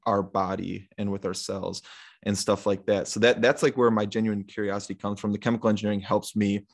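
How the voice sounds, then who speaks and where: A young man talking casually as a podcast guest, telling a long story in a relaxed, rambling way full of fillers and retold quotes. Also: lowish voice, a little fast, creaky.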